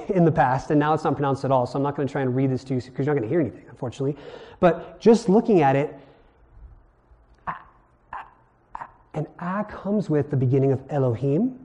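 A man's voice: on the high side, warm tone. A man from Hawaii teaching a sermon in a conversational way, asking his listeners questions as he explains. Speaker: preacher.

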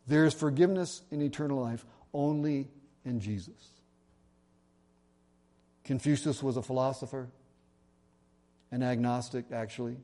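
A pastor preaching a sermon earnestly, slowing down when he reads scripture aloud and making self-deprecating asides. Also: mid-range voice, warm tone.

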